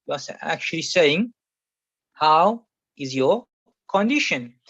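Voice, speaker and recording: A man's voice: fairly high pitch, lively intonation, slow, fairly bright tone, dry recording. A man teaching a classroom Arabic grammar lesson, patiently explaining and repeating each example several times. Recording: muffled, slightly lo-fi sound.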